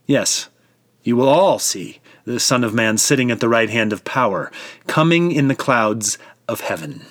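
A man voicing a calm, steady prisoner answering his accusers. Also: mid-range voice, close to an everyday voice. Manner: calm and measured. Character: calm, steady male prisoner facing judgment.

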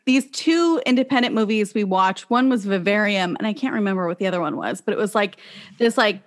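A woman's voice: medium pitch, lively intonation, a little fast. A woman guest on a podcast, chatting casually from home over a video call and laughing easily. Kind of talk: casual chat. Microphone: remote call.

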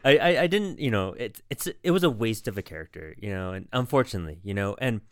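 A man with a low voice chats loosely as a podcast co-host. He rambles, piling on fillers as he goes. The sound is close and dry, with no room around it. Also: animated, fast talker, dry recording. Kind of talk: casual chat.

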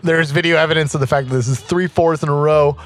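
A man running a tabletop game as game master, excitable and loud, swearing freely in casual chat. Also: a little high, quick pace, slight background noise.

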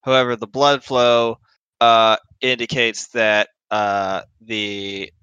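A man narrating a tabletop horror game as game master, halting often with fillers as he describes scenes. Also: medium pitch, flat delivery, pushed and bright, clear, resonant tone, no echo, muffled recording. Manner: hesitant, halting with many fillers.

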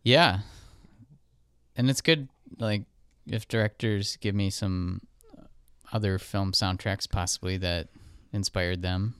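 A man's voice: low voice, takes it slowly, a bit bright, clear, resonant tone, dry recording, studio quality. A man who composes film music, talking casually and thinking aloud with fillers. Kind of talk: casual podcast chat.

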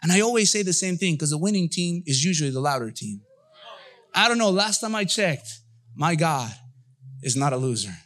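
A middle-aged male pastor delivers an energetic sermon with a high voice and a bright, forceful edge. He slips into little acted-out voices and quotes as he preaches. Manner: animated, acts out voices and dialogue.

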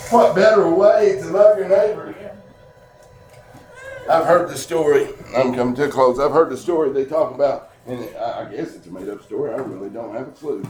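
A man preaching an earnest sermon at a church service, telling stories and slowing down to read scripture. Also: medium pitch, a little mellow, slight background noise. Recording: echoey church room with music behind.

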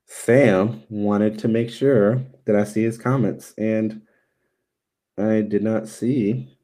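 A man's voice: fairly low pitch, fairly even intonation, slow, warm tone. A man hosting a live stream, chatting loosely as he signs off, with many ums and restarts. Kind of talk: casual live stream sign-off chat.

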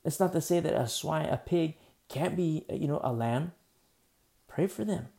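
Male pastor, casual rambling sermon, gravelly and mellow. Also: on the high side, normal speed. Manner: casual, rambling, many fillers and restarts. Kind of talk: conversational sermon.

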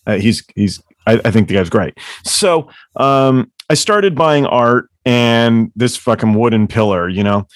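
A man's voice: medium pitch, lively intonation, a little slow, hardly any pauses, no echo, clean studio sound. Rambling, cussing male storyteller. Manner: rambling, profane, laughing storyteller. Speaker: author guest. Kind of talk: casual storytelling chat.

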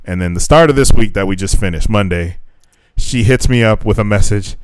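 A man's voice: lowish voice, fairly quick, smooth. A young man on a podcast, casually telling a dating story, swearing freely and acting out the dialogue. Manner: profane, animated retelling with quoted dialogue. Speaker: podcast co-host.

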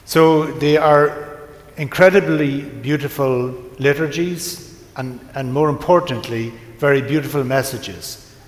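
A priest preaching to his congregation, telling a story in a gentle, unhurried way with pauses. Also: mid-range voice. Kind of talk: sermon. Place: large church. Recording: echoey church from a distance.

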